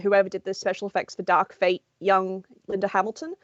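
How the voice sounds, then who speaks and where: A woman's voice: mid-range voice, little pitch movement, fairly quick, no echo, lo-fi sound. A woman co-hosting a casual podcast chat, talking with enthusiasm and casual swearing. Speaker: podcast co-host.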